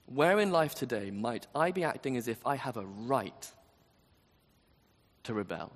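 A man's voice: medium pitch, sing-song, moderate pace. A man preaching a sermon, earnest and emphatic, often asking his listeners rhetorical questions. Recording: long reverb of a large hall.

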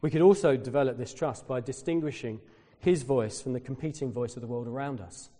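This sermon comes from a British man with a mid-range voice speaking fairly quickly, a long reverb tail around him. He narrates a personal story and acts out the others in it, lively in the quoted parts.

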